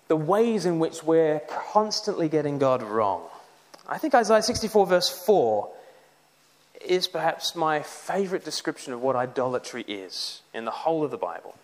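A man preaching a sermon, animated, with mocking asides. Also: a little high, normal speed.

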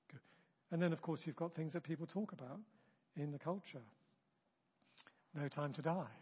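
A man with a husky voice leading a church training session in a chatty, self-interrupting way, acting out example remarks. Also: a little high, a little mellow. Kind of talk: informal teaching talk. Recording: dull, long-reverb room recording.

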